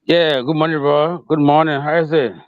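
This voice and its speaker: A man's voice: on the high side, steady tone, normal speed, narrow, tinny audio, a little hiss or hum. A man reporting news as a correspondent, hesitant, with many fillers and restarts.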